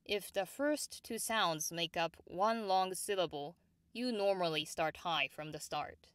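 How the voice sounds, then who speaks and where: Woman, pronunciation teacher, slightly low-pitched, unhurried and exact, dry close mic. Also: a bit bright, no room sound. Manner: measured and precise, models example words slowly and repeats them. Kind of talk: slow, clear instructional explanation.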